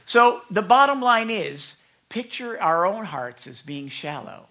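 Pastor, sermon, bright ringing voice, animated and conversational, mid pitch. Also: normal speed, vocal fry. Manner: conversational, animated preaching with asides; self-correcting, frequent restarts.

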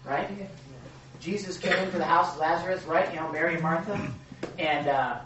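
A pastor with a slightly high, bright, forceful voice at normal speed delivers a casual sermon full of restarts, loops, asides and a rhetorical "right?". The audio is dull, with slight background noise and heavy reverb from a far-off mic, like one at the back of a large hall.

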